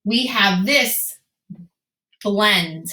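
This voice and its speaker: A bright, lively young teacher leads a children's phonics lesson, asking her class questions and answering them herself in an encouraging, sing-song voice. Her medium-pitched voice draws out words and rings in an echoey room.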